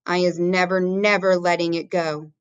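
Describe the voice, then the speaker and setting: A woman's voice: on the low side, flat delivery, normal speed, smooth, muffled recording, natural voice. A woman voicing a big friendly male giant who talks in garbled grammar and odd invented words. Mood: grim. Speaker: teacher reading aloud.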